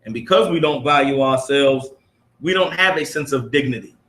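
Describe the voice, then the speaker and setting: Speaking at normal speed with a medium-pitched, somewhat bright voice, a man leads his study group through a preachy reading. He is emphatic, throwing rhetorical question after question at the listeners in an echoey room.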